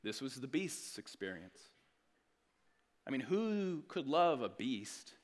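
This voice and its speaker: A man's voice: mid-range voice, sing-song, takes it slowly. A man preaching a sermon as a pastor, conversational and earnest, with frequent restarts.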